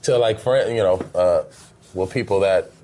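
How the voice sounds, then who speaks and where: Laid-back man telling stories, low voice. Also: normal speed, dark tone, slight background noise, low-quality recording. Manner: laid-back storyteller, laughs often, many fillers. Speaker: former basketball player guest. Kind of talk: casual podcast interview.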